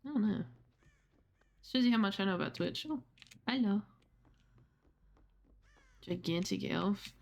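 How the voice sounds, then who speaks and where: A woman streams a video game and chats casually with her viewers, reading their messages out and answering them while swearing casually. Her mid-range voice is gravelly and a little slow, with long pauses, in the style of relaxed gaming livestream chat.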